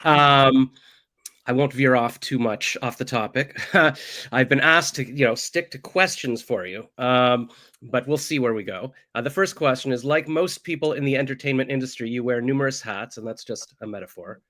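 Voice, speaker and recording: A man's voice: mid-range voice, moderate pace, bright, forceful tone. Jokey self-deprecating male host. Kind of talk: casual interview chat.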